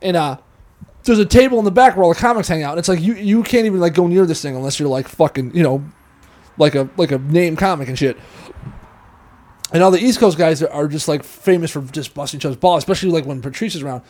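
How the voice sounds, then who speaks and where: A man's voice: a little high, quick pace, a little mellow. A man hosting a podcast, telling a long, profane, rambling story in casual chat. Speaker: podcast host.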